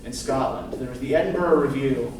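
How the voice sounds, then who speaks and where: A man's voice: mid-range voice, brisk, slight background noise. A man lecturing a class on literature, talking conversationally with many fillers and tag questions. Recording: echoey classroom, mic far off.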